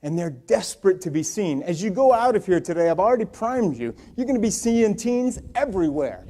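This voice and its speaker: A man giving an earnest storytelling talk to an audience, swinging between loud passages and hushed ones. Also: sits high, big pitch swings, brisk, hardly any pauses. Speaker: public speaker.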